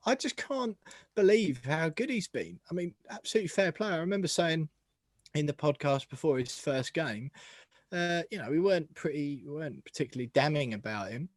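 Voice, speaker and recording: A man hosts a casual football podcast, chatty and quick to laugh at himself. His voice sits at an ordinary middle pitch, and the sound is very dry and close. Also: no room sound. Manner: chatty, self-deprecating, laughs often. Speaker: podcast host.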